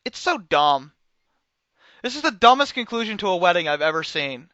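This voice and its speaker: Lively, bright-voiced young man ranting. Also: high voice, moderate pace, dry recording, muffled recording. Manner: ranting, sarcastic, swings loud and quiet. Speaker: wrestling reviewer. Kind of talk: casual video review.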